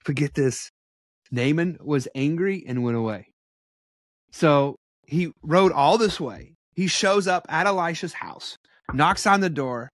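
Animated man teaching the Bible, dry close mic. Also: fairly high pitch, a little slow, no room sound. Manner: conversational, animated, with blunt asides. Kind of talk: casual preaching and Bible study.

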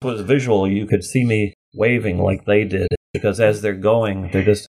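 A male college instructor chatting casually about the course he co-teaches, repeating words and adding quick asides. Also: on the low side, steady tone, background noise. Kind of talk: casual conversation.

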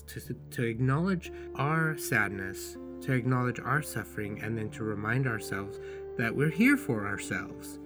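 A man hosting his own podcast, telling personal stories in a gentle, unhurried, tender way. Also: medium pitch, music in the background. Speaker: podcast host and author. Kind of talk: reflective personal podcast monologue.

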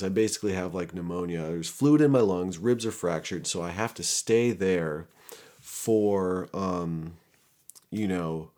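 A man's voice: deep voice, darkish tone. A young man casually telling a story from his own past, candid and profane, often laughing at himself.

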